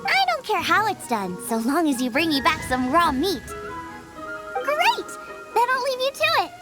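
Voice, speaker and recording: A very high, lively voice for an eager young girl chef who bounces between bursts of excitement. She sounds bubbly and food-obsessed, with her pitch swinging widely. Game music plays behind her. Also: moderate pace, exaggerated voice. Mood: excited. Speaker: game character. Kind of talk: video game voice acting.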